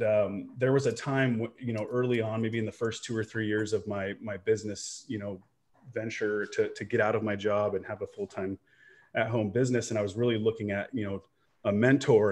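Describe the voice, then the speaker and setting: A man's voice: lowish voice, fairly even intonation, a little fast. A man who runs an online business and coaches, talking earnestly and reflectively on a video call, rambling with restarts and checking in with "right?". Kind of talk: candid personal storytelling in a video-call interview.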